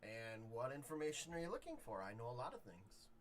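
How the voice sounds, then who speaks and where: A man's voice: mid-range voice, big pitch swings, brisk, a little hiss or hum, natural voice. A man voicing a hard-drinking female card cheat who is coy, evasive and bargaining. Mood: sly, wary.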